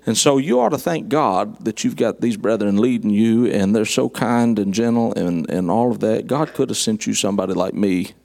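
A man's voice: on the low side, moderate pace, creaky, hardly any pauses, darkish tone. A middle-aged man, preaching a sermon in a folksy, storytelling way with dry humor. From southern United States. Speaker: guest preacher.

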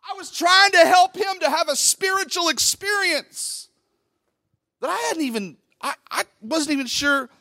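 A middle-aged male pastor preaching a Pentecostal sermon into a microphone in a church, talking conversationally and then swelling into loud, fervent bursts. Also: very high-pitched, measured pace, no room sound, clean studio sound. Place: church sanctuary. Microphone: handheld microphone at the pulpit.

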